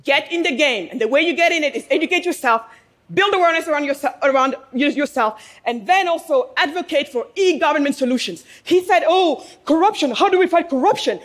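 High-voiced woman giving a passionate speech. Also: lively intonation, fairly bright tone. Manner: rhetorical questions, prompts the audience to answer; emphatic, with pauses for effect. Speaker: business owner addressing an audience. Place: room with a live audience.

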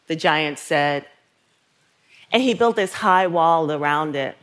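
A woman in her fifties from New York, a writer giving a slow, measured storytelling talk on stage, with soft trailing phrases. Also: sits low, animated. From Brooklyn, New York.

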